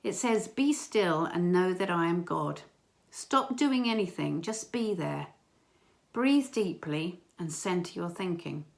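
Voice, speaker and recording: Woman, informal church talk, gentle, earnest, hesitant. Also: lowish voice, lively intonation, takes it slowly, vocal fry. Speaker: church member sharing a prayer message.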